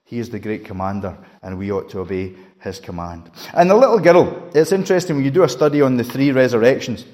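A man's voice: medium pitch, lively intonation, fast. Man preaching a dramatic sermon. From Scotland. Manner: dramatic emphasis, rising to a shout and dropping to a hush.

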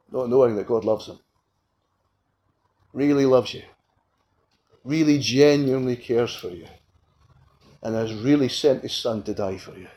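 A man preaching an evangelistic sermon at a tent meeting, swinging between loud appeals and hushed, quiet lines. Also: medium pitch, slight background noise, low-quality recording.

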